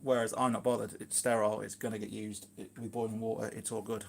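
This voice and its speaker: A man's voice: lowish voice, flat delivery, fast talker, creaky, a little mellow, a little hiss or hum. A man with a Shropshire accent, chatting casually and rambling with asides at home in his kitchen during a live stream. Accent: Shropshire English. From England, Shropshire. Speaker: gardening vlogger, live streamer.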